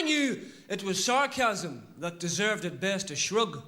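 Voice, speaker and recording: An Irish man recites a comic poem in a very high, sharply bright voice. His pitch swings widely, and his deadpan delivery holds until the swearing bursts out. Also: normal speed, few pauses. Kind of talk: stand-up poetry recital.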